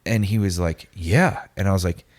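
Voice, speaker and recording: A man in his forties telling a story casually on a podcast, slangy and animated, acting out the voices of the people in it. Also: low voice, fast talker. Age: 40s. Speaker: podcast guest.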